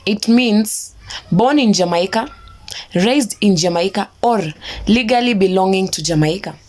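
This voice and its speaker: A woman giving a scripted explainer narration in a measured, emphatic, declarative way. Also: medium pitch, lively intonation, a little mellow.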